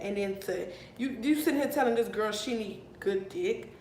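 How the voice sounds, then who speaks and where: A young woman telling a heated storytime vlog, animated and profane, recorded in an echoey room with a faint rumble. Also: a little fast, hardly any pauses. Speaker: vlogger.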